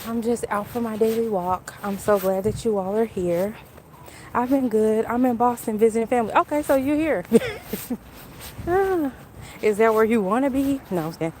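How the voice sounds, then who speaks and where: A woman's voice: on the high side, moderate pace, a little hiss or hum. Chatty woman vlogging on a walk. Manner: chatty, animated, greets and answers viewers' comments. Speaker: livestream vlogger. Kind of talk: casual walk-and-talk livestream chat. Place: outdoors on a walk.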